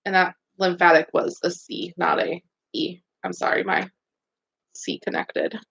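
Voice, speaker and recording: A woman's voice: on the low side, very animated, measured pace, creaky, fairly bright tone, husky. A woman teaching a beauty school class online, reviewing quiz questions with students in an upbeat, encouraging, chatty way.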